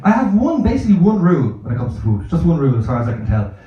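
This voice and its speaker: A man's voice: on the high side, wildly swooping pitch, rapid-fire, a little hiss or hum. A man doing a stand-up comedy set, telling rambling, profane, self-mocking stories. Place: comedy club in Barcelona. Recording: echoey, dull live club recording.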